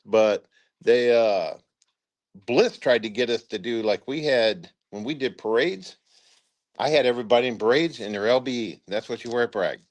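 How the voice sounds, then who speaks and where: An older man spins loose army anecdotes in a relaxed interview, his voice sitting in an ordinary middle register. He stumbles through restarts and "uh" fillers, then slips into quick impressions of the people he quotes. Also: mid-range voice. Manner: rambling anecdotes with acted-out quotes and many "uh" fillers. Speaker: retired brigadier general telling war stories. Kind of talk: casual storytelling interview.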